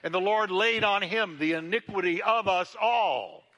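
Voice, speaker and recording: A male pastor preaching a sermon to his congregation, swinging between loud emphasis and hushed, intimate passages, often repeating words as he builds. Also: high voice, lively intonation, moderate pace, in a large hall. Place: church sanctuary.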